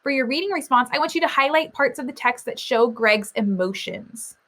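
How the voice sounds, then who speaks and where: A woman's voice: high voice, lively intonation, brisk, a bit bright. A woman teacher giving a recorded reading lesson, explaining in an upbeat, encouraging way.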